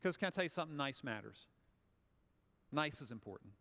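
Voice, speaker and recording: A man's voice: medium pitch, lively intonation, a little fast, sharp tone. A man with a Southern US accent giving a conversational, humorous motivational talk, acting out little scenes for the audience. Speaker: speaker. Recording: long hall reverb.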